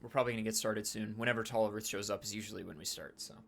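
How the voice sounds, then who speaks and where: A man's voice: lowish voice, steady tone, very fast, creaky. A man voicing a female official who speaks dryly and matter-of-factly.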